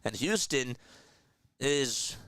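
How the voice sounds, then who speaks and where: A man calling a basketball game play-by-play on a home stream, getting loud and excited on big shots and chatting casually with viewers between plays. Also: medium pitch, extremely slow, no room sound. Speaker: play-by-play caller. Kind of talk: live basketball play-by-play with chat asides.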